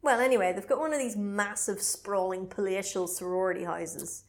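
A woman co-hosting a casual podcast, retelling a film in a chatty, animated way. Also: medium pitch, normal speed. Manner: chatty, animated storytelling with laughs. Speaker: podcast co-host recapping a film. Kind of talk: casual chat.

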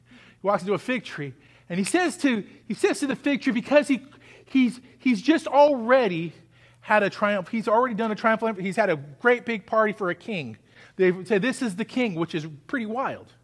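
High-voiced male pastor preaching. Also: fairly bright tone. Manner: preaching with rising intensity and call-and-response; acts out pleading voices. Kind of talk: sermon.

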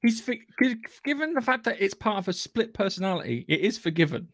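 A man's voice: sits high, very animated, quick pace, fairly bright tone, dry recording, clean studio sound. A man co-hosting a podcast, blunt and sweary, often tagging his points with a questioning "yeah". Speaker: podcast co-host. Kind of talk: casual chat review.

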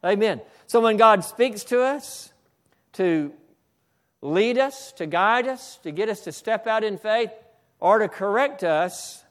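Speaking slowly in a high, animated voice, a male preacher gives an impassioned sermon. His phrases often start over, bursts of praise break in, and his delivery climbs to shouting.

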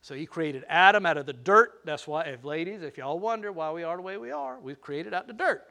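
A man's voice: a little high, lively intonation, fairly quick, sharp tone. An older man preaching a sermon, playful and teasing, talking straight to the crowd. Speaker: pastor.

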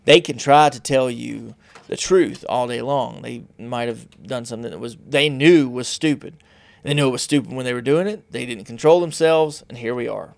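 Gravelly man rambling in a blunt monologue. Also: mid-range voice, moderate pace, dry recording. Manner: rambling, blunt, self-mocking. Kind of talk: casual monologue.

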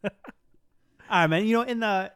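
With a clear, resonant tone that sits high, an American podcast co-host chats at a moderate pace. He keeps things casual, joking and telling lively stories.

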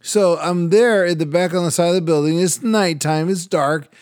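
An older man with a somewhat high voice tells a story in easy, casual chat. He laughs often and jumps into different voices for the people in the story. He talks like the radio and podcast host he is. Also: moderate pace, a little mellow, no room sound, clean studio sound. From Latin American heritage, United States.

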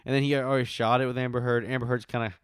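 A man's voice: medium pitch, level tone, racing, clear, resonant tone, no room sound, studio quality. A man hosting a casual film discussion, recapping scenes in a rambling, enthusiastic way with plenty of fillers.

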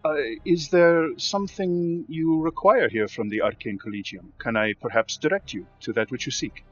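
Man voicing a polite falconer, formal and gentle, dull lo-fi sound. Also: on the high side, normal speed, soft background music, voice pushed up, close to an everyday voice. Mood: courteous. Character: courteous falconer man, calm and gracious.

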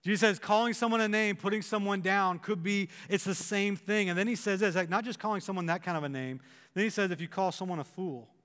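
High-voiced male pastor in a reverberant hall. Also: brisk, clear, resonant tone. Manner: animated, acts out imagined voices of listeners. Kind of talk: sermon.

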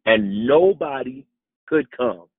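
A man preaching a sermon and telling a personal story, animated, with his pitch leaping up for emphasis, recorded on a phone. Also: slow, slightly rough, dry recording, narrow, tinny audio.

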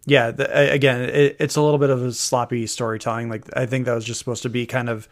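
A man's voice: medium pitch, flat delivery, quick pace. A man co-hosting a casual film review chat, critical and picking apart the dialogue. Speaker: podcast co-host.

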